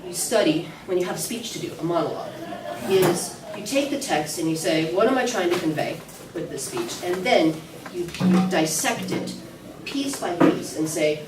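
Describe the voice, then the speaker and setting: A woman's voice: lowish voice, animated, moderate pace, noisy background. Woman teaching a music class from afar. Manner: chatty, with many fillers and restarts. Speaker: singing teacher. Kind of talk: workshop class lecture. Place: classroom at an early music event. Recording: echoey room mic from far off.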